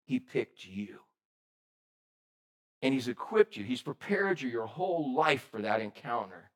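A man preaching a sermon, lively and animated, questioning his congregation. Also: mid-range voice. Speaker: pastor.

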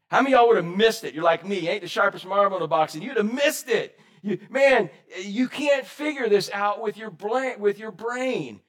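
Male pastor, high voice, animated sermon delivery with rhetorical questions. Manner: lively, animated preaching with acted quotes and audience questions.

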